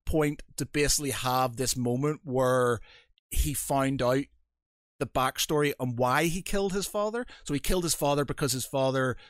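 A man's voice: medium pitch, moderate pace, dry recording, studio quality. A man, co-hosting a casual podcast chat, rambling and laughing often as he retells a game session. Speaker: podcast co-host.

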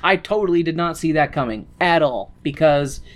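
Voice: mid-range voice, expressive, fairly quick. A host from the Midwestern United States giving a sarcastic, joking recap of a story's plot. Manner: sarcastic, jokey, slips into voices.

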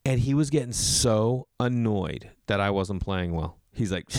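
Animated male comedian telling stories. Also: lowish voice, slow, no room sound, clean studio sound. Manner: animated, acts out people in raised voices. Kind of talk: casual storytelling.

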